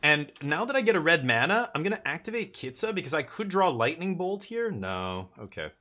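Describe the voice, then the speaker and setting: A man streaming a card game live, chatting excitedly and joking with his chat as he plays. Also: on the high side, brisk.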